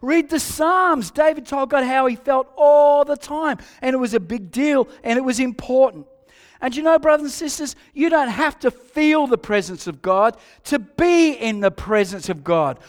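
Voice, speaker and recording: High-voiced Australian pastor preaching in reverb. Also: male voice, lively intonation, normal speed. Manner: emphatic preaching with repeated phrases and swings between loud and hushed. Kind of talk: sermon.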